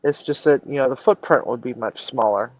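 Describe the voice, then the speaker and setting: A man's voice: mid-range voice, fairly quick, dull audio. A man chatting casually as a guest, hedging loosely with lots of fillers. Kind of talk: casual chat.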